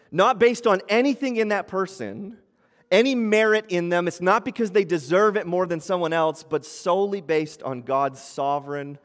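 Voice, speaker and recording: In a reverberant church hall, a man with a slightly high voice preaches a sermon. The pastor keeps it conversational, performing quotes aloud, and the room's long reverb lingers on the recording.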